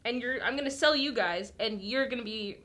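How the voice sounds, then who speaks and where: A woman's voice: on the high side, fairly quick, sharp tone. A woman playing a stern storybook king.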